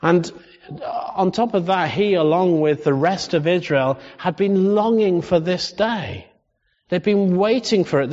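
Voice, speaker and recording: A man preaching a sermon in a conversational style that rises into animated emphasis. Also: high voice. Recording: dull sound with long hall reverb.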